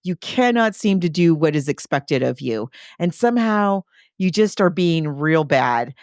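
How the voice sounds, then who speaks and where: An enthusiastic woman talks animatedly about a picture book, acting out quotes with big leaps in pitch. Her voice sits fairly low. The sound is close and dry. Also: animated, measured pace, darkish tone, dry recording. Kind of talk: casual book discussion.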